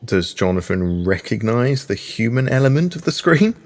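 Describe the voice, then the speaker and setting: A man's voice: medium pitch, big pitch swings, moderate pace. A man playing a tabletop game, musing and thinking aloud about his character's moves. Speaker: player.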